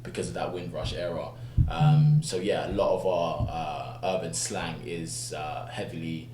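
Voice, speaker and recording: A man from the United Kingdom, an actor guest explaining things calmly in a relaxed interview. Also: sits low, measured pace. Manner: calm, explanatory, lots of fillers. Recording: echoey room with background hum.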